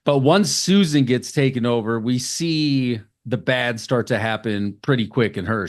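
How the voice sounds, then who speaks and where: Podcast co-host, casual recap, swears, quick silly voices for characters. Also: male voice, mid-range voice. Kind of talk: casual movie recap chat.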